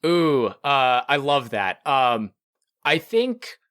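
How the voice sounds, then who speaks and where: Dry-sounding relaxed game master. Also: male voice, medium pitch, drawn-out words, smooth, no room sound. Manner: relaxed, supportive, hesitant fillers. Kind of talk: narrating a tabletop game.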